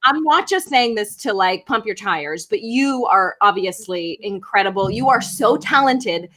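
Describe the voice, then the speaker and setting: A woman in her thirties, a former news anchor, chatting as an interview guest, quick and laughing often. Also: medium pitch, lively intonation. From Pittsburgh. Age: 30s. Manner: warm laughing, quick effusive talk. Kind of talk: casual interview chat.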